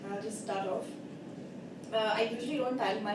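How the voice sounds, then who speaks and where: A nervous young woman reads her poetry softly at a middle pitch. She sounds far from the mic in a very echoey room, and loud background noise comes through. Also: fairly even intonation, fairly quick. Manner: nervous, soft-spoken. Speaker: open mic poet. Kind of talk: poetry reading. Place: performance venue.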